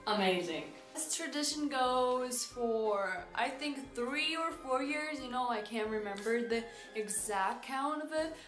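Teen girl vlogger, high-ish voice, bubbly and chatty, recorded in a roomy bedroom with echo. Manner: chatty and upbeat, showing off decorations. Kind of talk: casual vlog narration.

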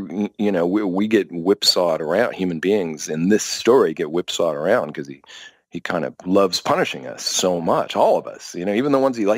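A man being interviewed as a guest author, speaking in an animated, expressive way in a casual podcast conversation. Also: on the low side, no echo, clean studio sound.

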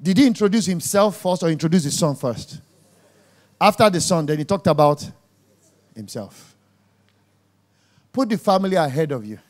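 High-voiced preacher, emphatic. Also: male voice, animated, normal speed, long pauses. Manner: emphatic, jabbing, swings from quiet asides to loud exclamations. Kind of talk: sermon.

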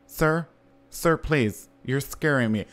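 A man's voice: fairly high pitch, steady tone, fast talker, smooth, soft background music, voice pushed up, natural voice. A man putting on a nervous, polite young male interviewer who grows alarmed. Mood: nervous, pleading.

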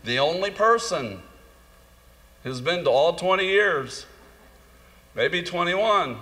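A man telling a humorous, self-mocking story in a sermon, animated and jumping into high voices for comic asides. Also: slow, pauses often. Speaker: conference speaker. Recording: long hall reverb, faint room noise.

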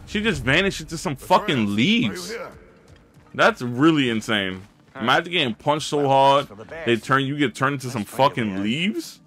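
A man playing a video game and commenting live, cursing and shouting at hits, with slangy laid-back banter in between. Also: medium pitch, animated, measured pace. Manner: profane, loud exclamations at in-game hits. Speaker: gaming channel host. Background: game music.

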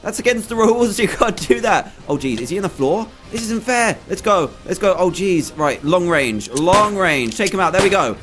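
A young man giving casual, excitable commentary while playing a video game, often playfully scared. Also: high-pitched, moderate pace, hardly any pauses, music in the background. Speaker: gaming YouTuber.

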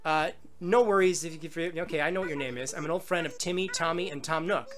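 A man reading a sweet, chatty female hedgehog shopkeeper from a video game in a soft, friendly voice. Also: on the high side, fast talker, close to an everyday voice.

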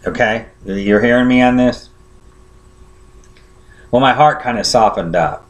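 A man's voice: mid-range voice, unhurried, long pauses. Male preacher, casual storytelling sermon, keeps asking listeners if they follow, mid-range voice. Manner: conversational, often checks in with listeners.

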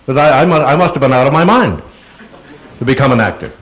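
Fast and animated, a man with a medium-pitched voice delivers a talk in a large auditorium and answers the audience. As a guest speaker he rambles chattily and calls people "dear," and the recording quality is low.

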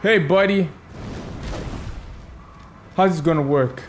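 A man's voice: a little high, takes it slowly, background noise. A man giving casual, playful commentary while gaming, talking back to enemies and chuckling as he goes. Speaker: gaming video creator.

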